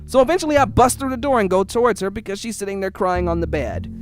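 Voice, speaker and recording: A man's voice: sits high, quick pace, faint music behind. A young man telling a personal story in a casual, heated and profane way. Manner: heated, profane, animated retelling.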